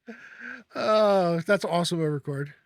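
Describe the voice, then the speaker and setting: A man with a slightly raised voice leads a casual chat. He talks in halting bursts, repeating words and restarting sentences. The sound is dry, with no room echo. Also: high voice, animated. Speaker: host.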